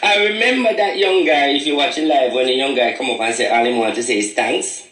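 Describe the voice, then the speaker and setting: Forceful Jamaican man, echoey and distant. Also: mid-range voice, a little fast. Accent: Jamaican Patois. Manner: preachy and boastful, rambling in patois. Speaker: spiritual reader. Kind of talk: boastful warning monologue. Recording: echoey room, away from the mic.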